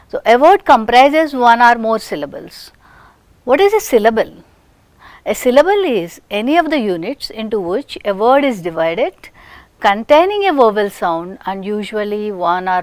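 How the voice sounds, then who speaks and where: A woman from India with an Indian English accent gives a recorded phonetics lecture in a fairly high voice, with no room sound. Slow and deliberate, she demonstrates sounds, sometimes whispering the examples.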